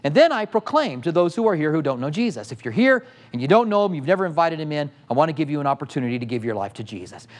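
A man's voice: on the high side, sing-song, quick pace, hardly any pauses. A middle-aged male pastor teaching a sermon with passion, firing off rhetorical questions at the congregation.

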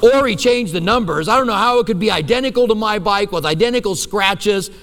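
Animated preaching man, high voice. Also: brisk, long reverb tail. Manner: storytelling, animated, self-deprecating. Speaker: pastor. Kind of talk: sermon.

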